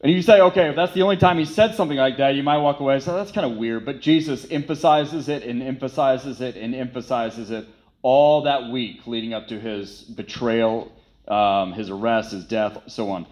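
A man's voice: medium pitch, normal speed, darkish tone, rough recording. A man preaching a sermon, emphatic and repetitive, who poses rhetorical questions and then answers them. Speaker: pastor.

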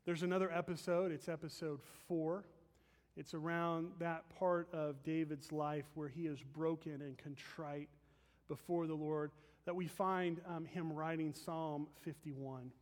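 Pastor, male, high-pitched voice, earnest emphatic sermon delivery, church sanctuary with long reverb. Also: steady tone, unhurried. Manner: earnest, emphatic preaching with asides to the congregation. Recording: long reverb of a large hall.

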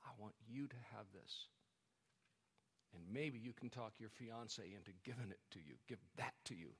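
A man preaching a sermon to his congregation, building to emphatic, forceful passages. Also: mid-range voice, very animated, moderate pace, breathy edge. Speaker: pastor. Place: church sanctuary. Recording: church hall with long reverb.

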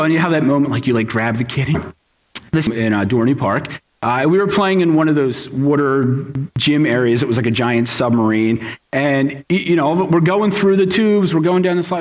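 A man in his thirties, a pastor preaching a sermon who tells personal stories in a lively, quick way. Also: medium pitch. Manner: lively storytelling, quick asides.

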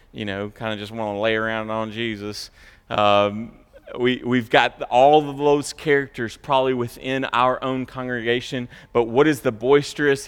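A man preaching a sermon in a church, stressing key words loudly and dropping to quiet asides. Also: clean tone, big-room sound. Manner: emphatic, swings between loud high stresses and quiet low asides. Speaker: pastor. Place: church sanctuary.

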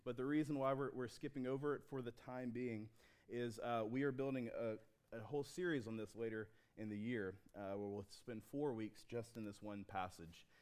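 A male pastor delivering a sermon to a church congregation. His voice is smooth and resonant at a middle pitch. He talks in an easy, conversational way, with restarts, and slows down to read scripture. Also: steady tone, darkish tone.

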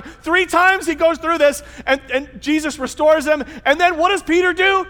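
A man's voice: very high-pitched, normal speed, few pauses, sharp tone. A man preaching a sermon to his church in a conversational way, with rhetorical questions and emphatic repetition. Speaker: pastor. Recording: long church-hall reverb.

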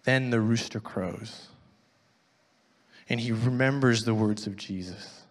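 A man preaching a sermon and reading scripture aloud, moving between loud, emphatic lines and hushed, near-whispered ones. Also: fairly low pitch, slow pace, in a large hall. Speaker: pastor.

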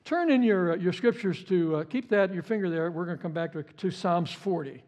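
A man's voice: high-pitched, lively intonation, fairly quick, a little mellow. A male pastor preaching a sermon with passion, often repeating words and stumbling over restarts.

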